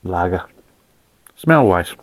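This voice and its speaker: A man's voice: low-pitched, expressive, slow pace, no echo, poor audio. A man reviewing a beer in a casual, rambling way, blunt and full of swearing.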